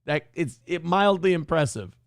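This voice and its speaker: Male host, wry reaction commentary, higher voice with a gravelly edge. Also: animated, moderate pace, dry recording, clean studio sound. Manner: sarcastic, joking, laughs often. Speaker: show host. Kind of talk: reaction commentary on a video clip.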